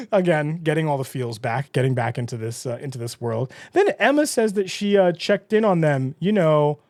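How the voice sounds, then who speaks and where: A chatty man with a slightly higher voice recaps a show episode in a casual podcast style. He laughs often and drops into quick character voices. The sound is close and dry, with no room around it. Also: huge pitch swings, darkish tone, dry recording. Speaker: podcast host.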